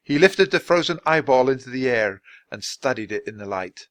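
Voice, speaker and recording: A man reading a children's storybook aloud, slowly and deliberately for English learners. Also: mid-range voice, lively intonation, fairly bright tone, dry recording. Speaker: storybook reader.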